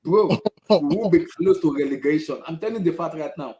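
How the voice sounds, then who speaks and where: This man's voice is fairly high with a dark tone, and he talks briskly. As host of a football fan show, he delivers a casual rant, exasperated and saying the same things over again. The recording carries room echo.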